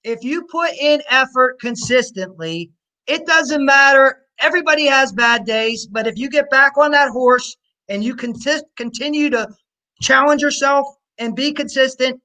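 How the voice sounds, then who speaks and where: A man's voice: extremely high pitch, moderate pace, pushed and bright, rough recording. A man, a personal trainer, answering interview questions in a rambling, coach-like way. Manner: rambling, full of fillers and restarts, coach-like encouragement.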